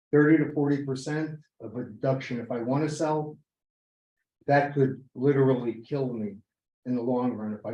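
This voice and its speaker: Mellow-voiced resident at a town meeting. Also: medium pitch. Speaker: resident speaking at public comment. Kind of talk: public comment at town meeting. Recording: echoey room, dull lo-fi sound.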